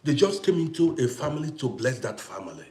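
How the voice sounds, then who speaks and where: Forceful man live streaming. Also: medium pitch, sing-song, brisk, roomy sound. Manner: forceful, preachy, thanks viewers for gifts. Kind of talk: casual livestream monologue.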